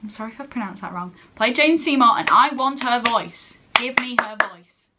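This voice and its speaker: Heavy background noise surrounds this late-teen English vlogger, whose voice is a little high and moderately paced. She chats casually, gushing and rambling while frequently interrupting herself.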